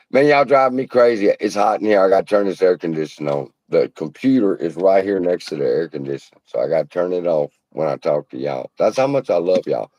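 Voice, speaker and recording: A man's voice: deep voice, expressive, a little fast, darkish tone, dry recording, poor audio. A man hosting a casual livestream, telling a folksy parable in a profane, preacherly way from a room at home. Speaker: investing channel host. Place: hot room at home beside air conditioner.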